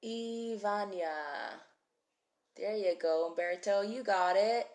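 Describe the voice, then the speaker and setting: A woman's voice: on the low side, normal speed, creaky. A woman teaching a live-streamed Hebrew reading class, chatty and encouraging as she calls out viewers by name. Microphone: phone mic.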